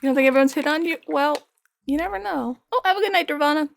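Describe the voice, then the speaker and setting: A woman's voice: sits high, fast, vocal fry. A woman in her thirties streaming while she paints, chatting casually and telling stories, acting out the lines of the people in them and laughing often. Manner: animated storytelling, acts out quoted lines, frequent laughs. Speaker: art streamer.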